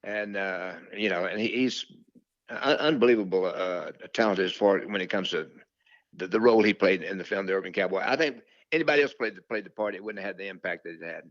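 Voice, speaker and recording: An older man with a low, fairly bright voice talks a little fast as an interview guest, rambling through stories with fillers, restarts, and quotes of his own thoughts. It's a casual storytelling interview, recorded with a dull, lo-fi, dry sound and no room sound.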